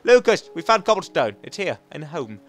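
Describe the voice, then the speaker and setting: A man's voice: fairly high pitch, moderate pace. A young man hosting a game playthrough, chatty and rambling, often restarting sentences and cheering on the game character. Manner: chatty and rambling, with frequent self-corrections; excitable, coaxing the game character aloud. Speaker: gaming channel host. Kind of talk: let's play commentary.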